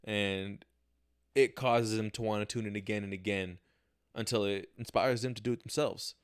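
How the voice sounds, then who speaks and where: A man's voice: on the low side, steady tone, moderate pace, smooth. Candid, profane young man talking to camera. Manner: candid, profane, slangy, acts out his own reactions. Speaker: podcast host. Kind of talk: casual solo livestream monologue. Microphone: camera mic, talking to camera.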